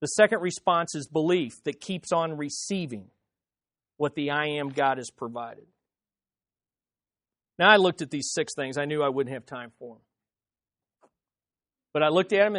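A man preaching a sermon as pastor, swinging between loud emphatic peaks and quiet low phrases, repeating words for emphasis. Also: normal speed, pauses often, no room sound, studio quality. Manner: preaching with wide swings in loudness and pitch.

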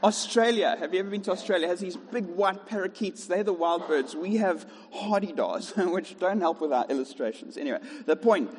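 A man's voice: sits high, brisk, hardly any pauses, a little mellow, husky, big-room sound. A man preaching a sermon in a rhythmic style, with repeated contrasts and jokey asides. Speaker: pastor. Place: church.

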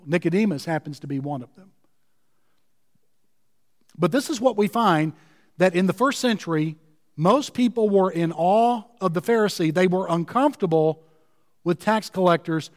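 A man preaches a sermon in a high voice, leaning hard on his key words and drawing them out slowly. His voice rings with the long reverb of a large hall. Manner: emphatic, slows and stretches key words. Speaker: pastor.

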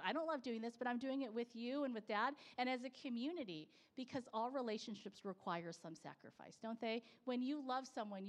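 A woman in her thirties or forties giving a personal testimony to a congregation, talking conversationally and often adding "right?". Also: a little high. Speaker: church speaker sharing a testimony.

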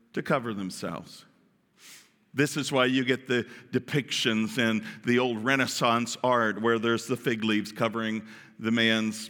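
A man teaching from the Bible in sermon style, animated and playful, asking his audience questions. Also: on the low side. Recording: long hall reverb.

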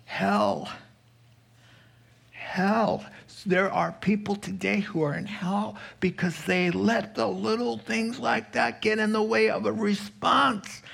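A male pastor preaching a sermon, animated and chuckling, acting out quotes as he goes. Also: high-pitched, unhurried, creaky, few pauses, husky.

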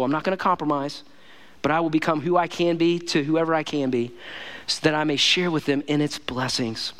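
Fast-talking, high-voiced male pastor preaching. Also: steady tone, a bit bright. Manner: casual, emphatic preaching with many fillers. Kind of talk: sermon.

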